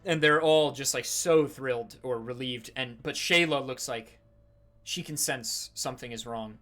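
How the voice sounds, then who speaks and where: Casual game master with a bright voice. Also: male voice, mid-range voice, a little slow, faint music behind. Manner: casual, full of fillers and restarts. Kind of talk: narrating a tabletop game.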